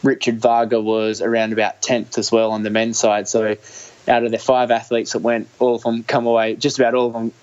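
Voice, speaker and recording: A man's voice: medium pitch, completely flat delivery, brisk, darkish tone, clean tone, muffled recording. A young Australian man talking casually in an interview, hesitant, with many restarts and fillers. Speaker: guest, Olympic triathlete.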